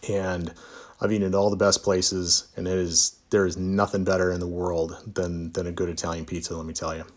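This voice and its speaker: Low-pitched and a little fast, this man delivers his words flatly. The Utah divorce attorney chats casually in a live Q&A, reading out viewer comments and responding with relaxed humor at his own expense.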